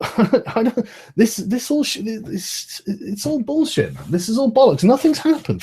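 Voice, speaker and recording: A man in his thirties argues on a live stream, his voice high and very lively as his pitch swings around. He talks fast and heatedly, swears freely and keeps cutting his own sentences short. His tone is dark and a little husky. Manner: swears a lot, rants, interrupts himself.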